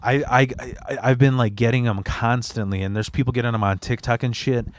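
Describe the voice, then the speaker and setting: Young comedian dude rambling thru a story, swears a ton, dry close sound. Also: male voice, medium pitch, steady tone, a little fast, no echo. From Chicago area. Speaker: stand-up comedian. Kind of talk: casual podcast chat.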